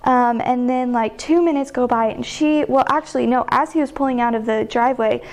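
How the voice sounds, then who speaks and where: Young female guest, slightly high voice, casual rambling storyteller. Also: fairly quick. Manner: chatty, heavy use of "like" fillers. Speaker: sidewalk counselor guest.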